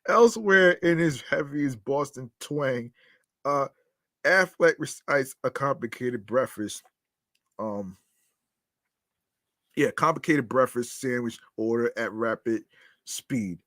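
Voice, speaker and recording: A male podcast host reads news items at an unhurried, drawn-out pace, breaking off to laugh and curse in a loose, casual way. He often stumbles and repeats words mid-sentence. The voice sits close and dry, with no room sound around it. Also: medium pitch, animated, fairly bright tone, no echo. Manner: casual, swears freely, laughs at his own material. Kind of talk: reading news stories aloud with offhand commentary.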